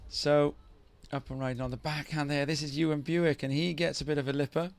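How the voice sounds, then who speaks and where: A man's voice: fairly high pitch, flat delivery, fairly quick, vocal fry. A man commentating live on a surfing contest, mixing play-by-play calls with chatty, teasing banter.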